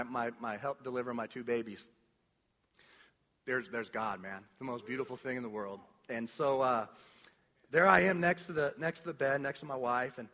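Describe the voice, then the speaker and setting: A man telling a personal story to a congregation, rambling and animated, with many restarts and fillers, acting out the lines he quotes. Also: medium pitch. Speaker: church speaker sharing a testimony. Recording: dull recording with long hall reverb.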